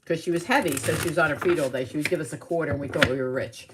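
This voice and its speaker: A middle-aged woman with a low voice chats her way through a live tarot reading, drifting into animated stories with asides. The recording is noisy. Cards shuffle and click behind her. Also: rapid-fire. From New York area. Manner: animated, rambling storyteller with asides. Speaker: tarot reader.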